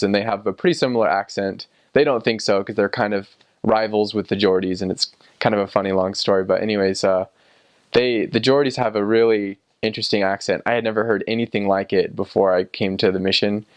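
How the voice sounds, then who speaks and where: Easygoing young man, low voice, dry sound. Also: no room sound. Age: young adult. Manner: relaxed and rambling, many ums and restarts, chuckles often. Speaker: returned missionary. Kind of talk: casual personal recollection.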